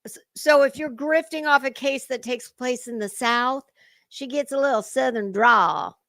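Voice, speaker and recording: A woman's voice: high voice, unhurried, fairly bright tone, dry recording. Mocking woman streamer, dry sound. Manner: mocking, profane, talks to chat. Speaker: commentary livestream host. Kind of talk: sarcastic reaction commentary.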